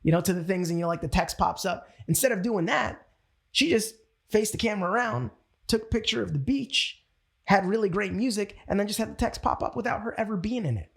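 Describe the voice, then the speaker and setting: Male sales trainer, husky voice, slightly high, animated storyteller. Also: fairly quick. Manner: animated storytelling, acts out quotes. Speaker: network marketing trainer. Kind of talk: motivational training talk.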